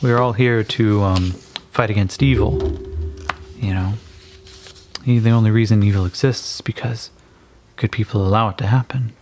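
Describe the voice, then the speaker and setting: A man's voice: lowish voice, steady tone, moderate pace, pauses often, background noise, lightly acted. A man voicing an earnest, idealistic young male lord who speaks with some hesitation, in a tabletop game.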